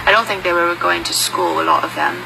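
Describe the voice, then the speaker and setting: A woman telling a folk tale as an interviewee, in a lively storytelling manner. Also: fairly low pitch, brisk, gravelly, heavy background noise. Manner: lively storytelling, slips into character voices.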